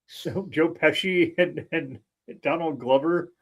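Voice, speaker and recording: A man co-hosting a podcast in casual chat, animated and laughing often as he wanders onto tangents. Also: a little high, takes it slowly, slight background noise. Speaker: podcast co-host.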